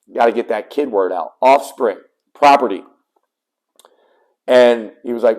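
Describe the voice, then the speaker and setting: A man in a heated, profane rant straight to camera, blunt and emphatic, with sudden loud bursts as he tells his story. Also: medium pitch, a little slow, pauses often, poor audio. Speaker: small business owner telling his custody story.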